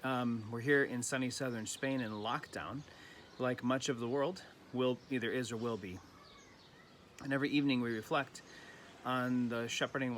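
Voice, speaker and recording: A man giving a gentle, reflective evening prayer reflection as a pastor, recorded at home during lockdown. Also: medium pitch, slight background noise.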